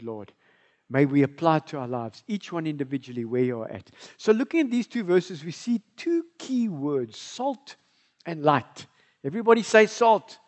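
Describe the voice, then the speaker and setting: South african pastor guy preaching in church, high lively voice, keeps asking the room questions. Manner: animated, engaging the congregation with questions. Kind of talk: bilingual sermon.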